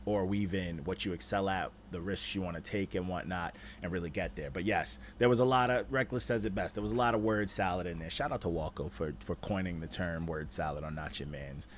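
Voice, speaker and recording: A man hosting a stream and critiquing rap submissions in a casual, animated way, full of slang and "you know what I'm saying". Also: low-pitched, brisk, hardly any pauses, a little hiss or hum. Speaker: rap judge and stream host.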